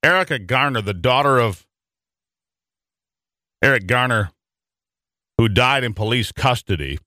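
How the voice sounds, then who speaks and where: Man, middle-aged, from Michigan, talk radio host, rambling chat, bright tone, dry studio sound. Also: mid-range voice, lively intonation, unhurried, dry recording. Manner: conversational, rambling with fillers.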